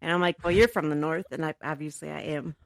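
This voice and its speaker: Gravelly young woman rambling on a podcast. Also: sits low, fairly even intonation, fast talker, dry recording. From Pennsylvania. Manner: rambling, laughs often. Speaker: podcast co-host. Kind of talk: casual chat.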